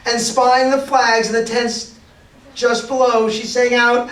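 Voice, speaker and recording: A man's voice: very high-pitched, little pitch movement, slow pace, a bit bright, slight background noise. A man reading a picture book aloud to children, playful and full of sound effects, heard in an echoey room from a distance.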